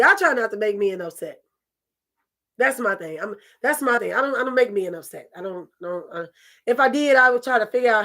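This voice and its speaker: Sassy high-voiced woman host. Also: a bit bright. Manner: sassy, emphatic, calls listeners baby. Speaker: talk show host. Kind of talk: candid opinion talk.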